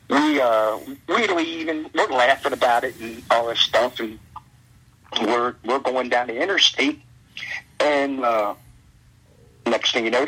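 A man telling a road story as a guest in a casual chat, animated and full of stammered restarts. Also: medium pitch, slightly rough, rough recording. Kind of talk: casual anecdote.

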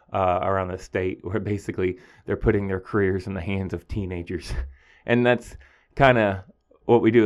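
Animated storytelling teacher. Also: male voice, dull audio. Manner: animated storytelling, acting out students in a higher voice. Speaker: high school teacher. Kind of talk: casual podcast monologue.

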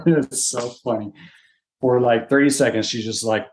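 A man's voice: mid-range voice, measured pace, long pauses. A man in his forties, a podcast guest, telling a story in casual conversation and acting out the quotes. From Utah. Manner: animated, chatty storyteller who acts out quotes.

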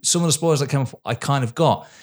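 A man who talks fast in a casual film review chat. He is blunt and animated and swears freely. His pitch sits in the ordinary middle for a man. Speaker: podcast co-host.

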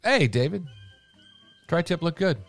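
A man's voice: fairly high pitch, lively intonation, a little slow, vocal fry, soft background music. A man co-hosting a casual morning show, laid-back, drifting into mock quotes as he talks. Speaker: co-host.

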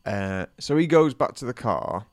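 A man's voice: medium pitch, expressive, normal speed, no room sound, clean studio sound. Rambling man telling a story. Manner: rambling anecdotal storyteller, acts out quotes. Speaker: podcast co-host. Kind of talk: casual chat, storytelling.

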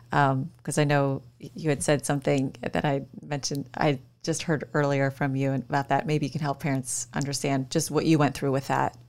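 Low-voiced, supportive woman host. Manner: supportive, affirming, asks gently. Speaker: interview host. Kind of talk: conversational interview.

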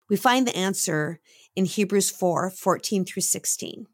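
A woman co-hosting a podcast, giving earnest devotional teaching and slowing down for emphasis. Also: medium pitch, no room sound, studio quality. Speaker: podcast co-host.

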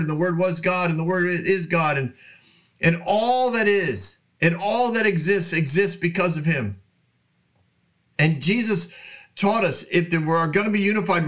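A man's voice: on the high side, highs cut off. A man teaching the Bible in a casual, earnest talk, reading verses aloud. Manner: earnest and animated, reads scripture aloud.

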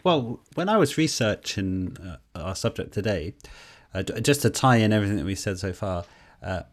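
Guy with a lowish voice co-hosting a chat show, tells stories animated, lots of restarts. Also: normal speed. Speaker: podcast co-host. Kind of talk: casual conversational storytelling.

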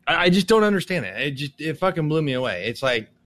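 A man's voice: fairly high pitch, sing-song, fast talker, fairly bright tone. Profane, exasperated male podcast co-host. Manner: profane, exasperated storytelling with put-on quoted voices. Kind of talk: casual ranting chat.

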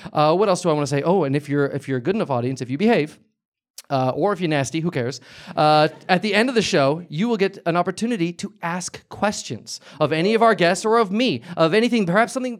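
A man hosting a comedic talk show live on stage, rambling and halting with sudden eager bursts. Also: sits high. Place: live stage before an audience.

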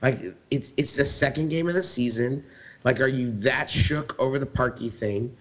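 A man on a sports podcast rants heatedly, swearing constantly and piling up filler words as he goes. His voice sits at an everyday middle pitch. The recording sounds slightly dull and lo-fi. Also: normal speed. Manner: ranting, heated, swears a lot, many fillers. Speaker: podcast co-host. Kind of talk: profane sports podcast rant.

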